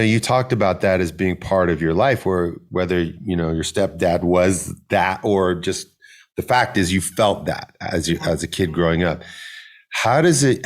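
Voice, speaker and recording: Very deep-voiced man hosting a podcast. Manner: rambling, searching questions with casual swearing. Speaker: podcast host. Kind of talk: casual interview talk.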